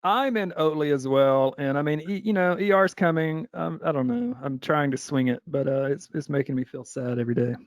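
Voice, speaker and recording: A man's voice: a little high, brisk, few pauses, dry recording, clean studio sound. A man hosting a casual interview podcast, easygoing and a bit hesitant, with lots of small agreeing sounds. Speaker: podcast host.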